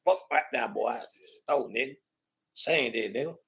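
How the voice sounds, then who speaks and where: A man's voice: medium pitch, lively intonation, normal speed, vocal fry, a bit bright, husky, rough recording. A man hosting a loose, profane livestream, rambling and laughing with heavy slang. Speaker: livestream host.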